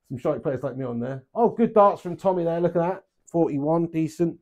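A man's voice: on the high side, moderate pace, a little mellow. A man playing darts live, chatting to viewers and reading out their messages, joking, swearing freely and laughing a lot. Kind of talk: live stream banter, reading out chat. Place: home darts setup.

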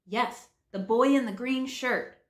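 A woman reading aloud and voicing an easygoing, blunt male hobo in a flat, matter-of-fact way. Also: a little high, takes it slowly, voice pushed up. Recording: roomy echo.

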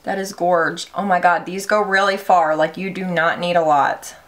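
A woman beauty vlogger giving a casual, excitable makeup review, gushing and swearing lightly. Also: fairly low pitch, moderate pace.

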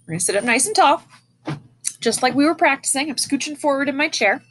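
A woman's voice: high voice, animated, fast talker, fairly bright tone, slight background noise. A woman teaching an online music lesson to children. She speaks patiently and demonstrates breaths as she goes. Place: indoors, seated in a chair. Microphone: camera in front of her.

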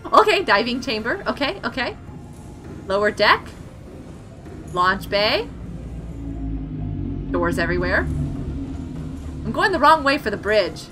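A young woman streaming gameplay, excitable and giggly as she exclaims over what she finds. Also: fairly high pitch, slow, long pauses. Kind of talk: live gameplay commentary. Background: game music.

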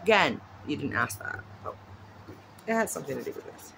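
A woman's voice: low-pitched, sing-song, fairly quick, vocal fry, background noise. A woman vlogging at home in a casual, chatty way, rambling off into asides. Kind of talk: casual chat. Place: at home with her dog nearby.

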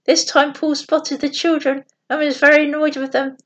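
High-voiced woman storyteller, gentle bedtime reading, muffled lo-fi sound. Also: little pitch movement, moderate pace. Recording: dull lo-fi recording.

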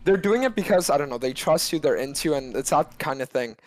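A man's voice: a little high, lively intonation, quick pace, no echo. A man explaining his view at length in a casual group chat. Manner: rambling, explaining. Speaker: panelist.

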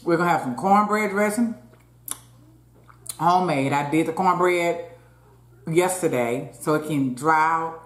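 Deep-voiced and unhurried, a woman pauses often while running her mukbang. She chats with viewers between bites, calling out to them again and again, and her words echo around the room.

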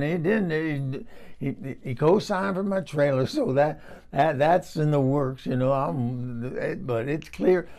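A man's voice: fairly high pitch, darkish tone. A man playing a chatty older woman who lives in a trailer, rambling and exclaiming. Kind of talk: comic character monologue.

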